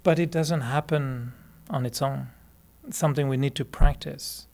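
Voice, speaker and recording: French canadian guy teaching meditation, gravelly voice, chatty and laughing a lot. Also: medium pitch, fairly even intonation, moderate pace, a little mellow. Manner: chatty, laughs often, many restarts and fillers. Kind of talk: relaxed spoken talk to a group.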